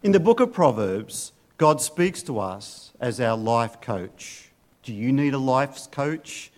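A man's voice: medium pitch, darkish tone. A middle-aged male pastor giving an earnest sermon and asking his listeners rhetorical questions.

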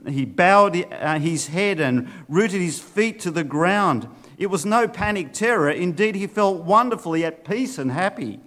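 A man's voice: sits high, animated, a bit bright. A male pastor preaching earnestly, reading from storybooks and leading a prayer. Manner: earnest, slow and deliberate preaching.

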